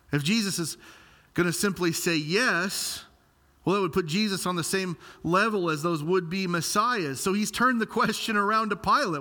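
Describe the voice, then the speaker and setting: A man preaches in a lively, explanatory style, reading and unpacking scripture for his congregation. His voice is bright and forceful, sitting a little high for a man. The sound rings with the long reverb of a large hall. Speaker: pastor. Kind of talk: expository sermon.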